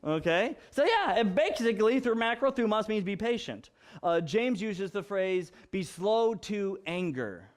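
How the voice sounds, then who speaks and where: High-voiced man preaching a sermon. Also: expressive, normal speed. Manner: teaching, explains word meanings, laughs and teases the audience. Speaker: pastor.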